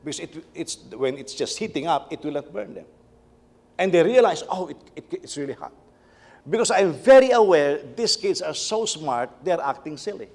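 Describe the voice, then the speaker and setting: A man's voice: fairly high pitch, animated, moderate pace, a little mellow. A middle-aged male pastor giving a conversational sermon, repeating words as he tells stories about his family. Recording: long reverb of a church hall.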